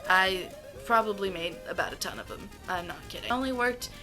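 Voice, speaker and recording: A woman's voice: mid-range voice, bright, forceful tone, soft background music, low-quality recording. A young American woman gushing about her favorite foods in a casual vlog, stretching out her words. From United States. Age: young adult. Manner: gushing, enthusiastic, drawn-out words. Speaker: vlogger.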